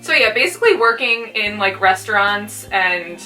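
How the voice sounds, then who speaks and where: Young woman rambling through a makeup tutorial, says like a lot, bright voice, soft music behind. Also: mid-range voice, expressive, normal speed, distant mic. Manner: chatty, fills speech with "like". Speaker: beauty vlogger. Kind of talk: casual chat during a makeup tutorial.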